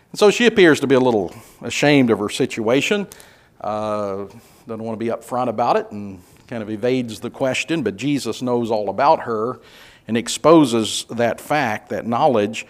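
A man teaching a conversational Bible class, relaxed and hesitant with many filler sounds, putting questions to the group. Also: medium pitch, normal speed. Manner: asks the group questions and reads scripture aloud.

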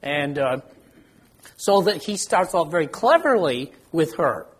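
Older man leading a Bible study, husky. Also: fairly high pitch, big pitch swings, unhurried. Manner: conversational, asks the group questions, self-deprecating. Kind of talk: informal Bible study teaching.

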